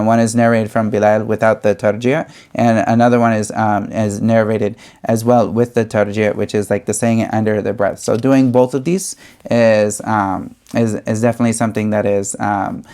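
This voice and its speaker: Young male teacher, low-pitched, halting explanatory delivery full of fillers. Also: a little mellow. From United States. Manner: hesitant, many fillers and restarts. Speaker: religious studies teacher. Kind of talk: explanatory lesson.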